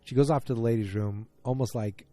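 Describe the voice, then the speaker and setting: A man's voice: medium pitch, a little fast, mellow, dry recording. A man hosting a casual solo podcast, retelling events in a rambling, self-correcting way. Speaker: podcast host.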